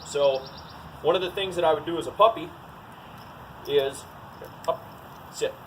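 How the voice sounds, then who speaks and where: A man with a voice a little higher than most talks through a dog training routine. He is plain-spoken and direct, and keeps saying "all right" between steps. Outdoor hum and passing traffic can be heard clearly behind him. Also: moderate pace, far from the mic, rough recording. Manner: plain, to-the-point, says "all right" often. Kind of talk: casual outdoor training demo.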